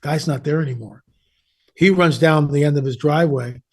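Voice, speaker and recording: Older male guest, husky, higher-pitched, chatty storyteller with asides. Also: moderate pace, darkish tone. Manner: conversational, with rambling asides and restarts. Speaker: guest, author on the supernatural. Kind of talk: casual storytelling interview.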